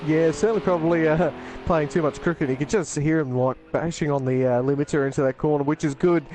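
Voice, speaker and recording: Laid-back co-commentator with faint noise. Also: male voice, fairly high pitch, steady tone, darkish tone. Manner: laid-back, halting, full of fillers. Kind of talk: sim racing commentary.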